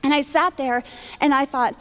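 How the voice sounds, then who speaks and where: High-voiced woman telling a testimony. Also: moderate pace. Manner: animated, self-deprecating, acts out her own thoughts. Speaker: Christian speaker. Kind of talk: personal testimony storytelling. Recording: long hall reverb.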